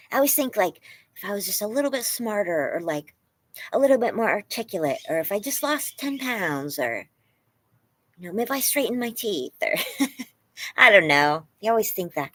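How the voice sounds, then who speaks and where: A woman's voice: medium pitch, fairly bright tone, no room sound. A woman hosting a live stream, answering chat in casual, rambling talk full of fillers and gushing praise. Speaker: livestream host reading chat.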